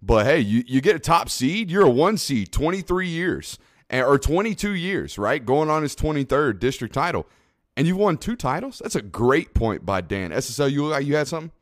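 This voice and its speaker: A man co-hosting a podcast in casual chat, rambling and excitable, often laughing. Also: fairly high pitch, moderate pace, no room sound, studio quality. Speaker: podcast co-host.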